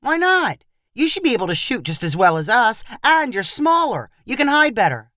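A woman's voice: fairly high pitch, sing-song, normal speed, no room sound, studio quality, pitched above the performer's own voice. Woman voicing a brash, pushy young man. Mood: teasing. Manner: brash, upbeat and loud.

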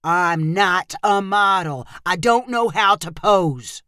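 A woman's voice: fairly low pitch, slow, fairly bright tone, smooth, no room sound, clean studio sound. A woman voicing a grumpy, stubborn father who whines and complains. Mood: complaining. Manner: whiny, complaining.

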